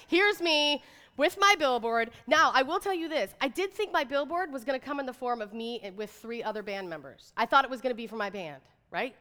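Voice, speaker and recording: Bright upbeat woman, kinda high voice, chatty motivational talk, big reverby hall. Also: a little fast. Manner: chatty, animated, says "like" and "right?" often. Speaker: motivational speaker. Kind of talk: inspirational talk to an audience.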